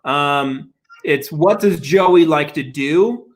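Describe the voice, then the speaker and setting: A man hosting a casual interview, halting with many "uh" and "um" pauses. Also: a little high. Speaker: host.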